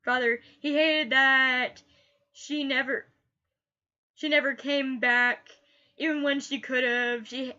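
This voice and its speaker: A woman's voice: high voice, level tone, takes it slowly, pauses often, bright, forceful tone, muffled recording, faint music behind. A woman reviewing a TV episode in casual chat, gushing and often repeating her last word.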